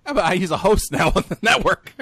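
A man's voice: sits high, fairly bright tone, breathy edge. A man hosting a podcast in casual chat, laughing often. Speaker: podcast host.

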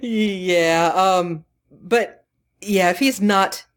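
A woman's voice: mid-range voice, very slow. A woman co-hosting a casual gaming podcast, chatty and laughing often, with lots of fillers. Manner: giggly, chatty, hesitant fillers. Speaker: podcast co-host.

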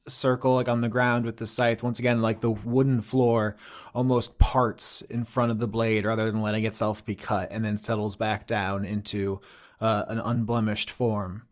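A man narrating a tabletop game as game master, animated with quick asides. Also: mid-range voice.

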